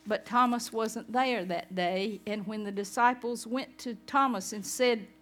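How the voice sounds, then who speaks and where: A woman's voice: on the high side, unhurried, a bit bright. A woman pastor giving a conversational sermon, chatting with her congregation.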